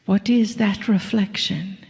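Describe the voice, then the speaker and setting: A woman with a gravelly, creaky voice delivers a channeled spiritual message, speaking as "we." She talks slowly and soothingly, sinks into breathy whispers and chuckles softly. The sound rings with a long reverb from a live hall. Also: mid-range voice, steady tone. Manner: speaks as a collective "we", slow and soothing, drifts into whispers, chuckles often. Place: live venue with an audience.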